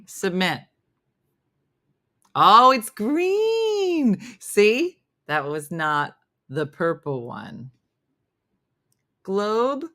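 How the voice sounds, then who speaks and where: A woman's voice: fairly low pitch, fairly bright tone. A woman comedian hosting a live morning show, chatting casually and self-deprecatingly, reading viewer comments as she goes. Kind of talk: casual live-stream chat.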